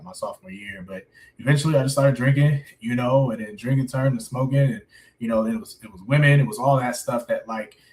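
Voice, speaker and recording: A man's voice: medium pitch, low-quality recording. A man in his thirties, a coffee shop owner, telling his story casually in an interview, often laughing and saying "man" and "you know what I'm saying". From United States.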